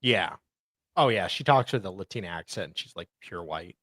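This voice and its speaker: Guy cohost, wry jokey asides, bright lively voice. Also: low-pitched, moderate pace, slightly rough, no room sound. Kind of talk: casual commentary chat.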